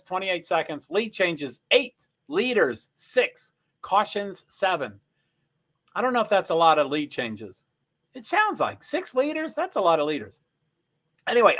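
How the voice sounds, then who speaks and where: With a high-pitched, slightly bright voice, a man hosts a laid-back livestream. He talks with his viewers, muses aloud, and reads off race stats on screen.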